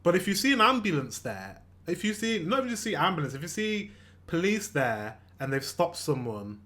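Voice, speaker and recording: A man's voice: on the high side, very animated, normal speed, sharp tone, a little hiss or hum. A British man hosting a reaction video, talking earnestly and repeating himself when he gets emotional. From Britain. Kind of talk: casual reaction commentary.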